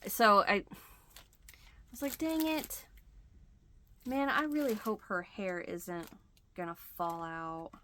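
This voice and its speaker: A woman's voice: fairly low pitch, animated, unhurried, pauses often, sharp tone, slight background noise. A middle-aged woman hosting a crochet channel, chatting to the camera and telling a story, acting out the quoted lines. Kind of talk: casual chat to camera.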